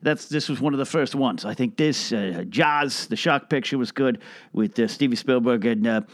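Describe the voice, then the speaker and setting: Here a man voices a rambling old film producer character, bragging, dropping names, and starting sentences over for comic effect. The mid-range delivery sounds close to everyday speech, at normal speed and without echo.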